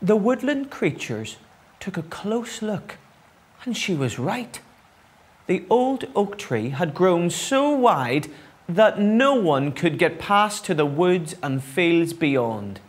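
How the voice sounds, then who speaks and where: A man reading a children's story aloud in an expressive, unhurried way. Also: high-pitched, breathy edge.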